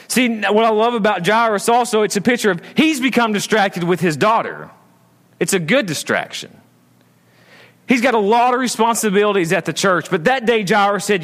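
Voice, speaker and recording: A male pastor preaching a sermon in a church, swinging between raised emphatic lines and low, quiet asides. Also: lively intonation, normal speed.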